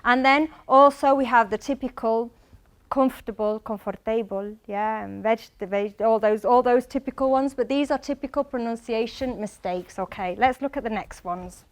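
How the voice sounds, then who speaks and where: A high, bright-toned woman with a Mancunian accent teaches pronunciation in a lecture hall. She is animated and talks straight to her class. She calls on people by name and has them repeat words back. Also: normal speed, few pauses. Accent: Mancunian English. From England, Manchester. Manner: animated, quizzes the audience by name. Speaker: English teacher.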